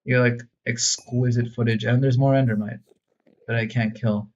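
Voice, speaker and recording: Man, mid-pitched, casual gaming commentary with a self-mocking, rambling delivery; slightly muffled, lo-fi recording. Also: steady tone, moderate pace, darkish tone. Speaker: gaming video creator.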